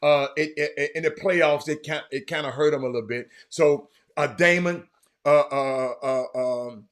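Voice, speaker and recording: A middle-aged man, hosting a casual, rambling talk to viewers. He talks in an animated, repetitive way, with many fillers and sudden bursts of excitement. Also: fairly high pitch, normal speed. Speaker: show host.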